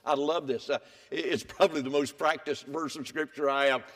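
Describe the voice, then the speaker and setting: Emphatic high-voiced older preacher. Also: male voice, fairly even intonation, fairly quick. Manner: dramatic swings between hushed and emphatic. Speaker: pastor. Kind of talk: sermon. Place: church sanctuary.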